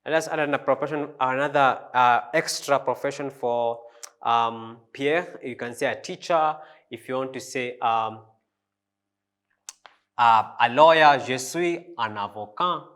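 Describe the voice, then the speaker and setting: Slow, bright-voiced man teaching French. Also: mid-range voice, clear, resonant tone. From Africa. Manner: slow, repeats words, spells out French pronunciation. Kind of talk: language lesson.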